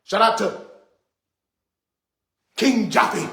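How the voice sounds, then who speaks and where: A middle-aged man with a fairly high voice delivers an indignant, preachy rant straight to camera, hammering his points home by repeating them. The sound bounces around an echoey room. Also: very slow, a bit bright. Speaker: vlogger. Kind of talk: ranting monologue to camera.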